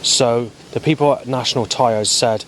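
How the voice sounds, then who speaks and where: A man rambling through a spoken log of his day, halting often with ums and restarts. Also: medium pitch, slight background noise. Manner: halting, many ums and restarts, flat recounting. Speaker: vlogger.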